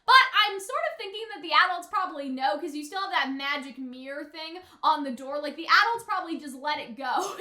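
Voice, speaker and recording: A young woman with a high, bright voice chatting her way through an anime episode. Her talk is loose and filler-heavy, and she keeps slipping into quick impressions of the characters. The room around her adds a noticeable echo. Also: lively intonation. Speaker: anime reaction YouTuber. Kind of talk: casual commentary over an episode.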